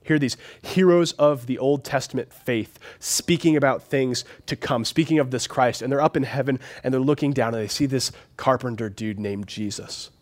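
Pastor, male, 30s, lively sermon delivery with acted-out quotes and hushed asides. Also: mid-range voice, normal speed, hardly any pauses. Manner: animated, acts out voices in quotes.

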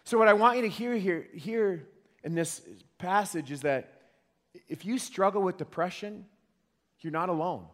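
A man's voice: sits high, moderate pace, fairly bright tone. A man preaching a sermon in an earnest way, often repeating words as he starts a phrase. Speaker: pastor. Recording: long hall reverb.

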